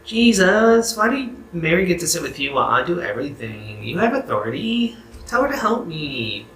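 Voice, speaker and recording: A man's voice: fairly high pitch, big pitch swings, fairly quick, bright, forceful tone, roomy sound, distant mic, voice pushed up. A man putting on a whiny voice for an overworked, upset woman who complains that she does all the work.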